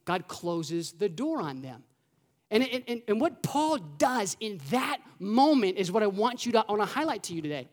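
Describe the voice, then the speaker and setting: A pastor preaching a sermon to a church congregation in a lively, conversational way, with rhetorical questions, casual fillers and quick asides. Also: medium pitch. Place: church sanctuary.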